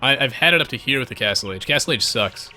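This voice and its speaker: Man, game streamer, bright crisp voice, chatty and self-deprecating, faint game music behind. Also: medium pitch, lively intonation, fast. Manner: self-mocking, chatty, many restarts and fillers. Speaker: streamer playing a strategy game. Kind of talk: live-stream commentary.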